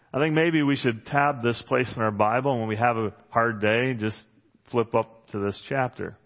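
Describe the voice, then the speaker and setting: A man's voice: medium pitch, normal speed. A man preaching a sermon in a church hall, conversational and joking, reading Bible passages aloud. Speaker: pastor. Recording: muffled sound with long hall reverb.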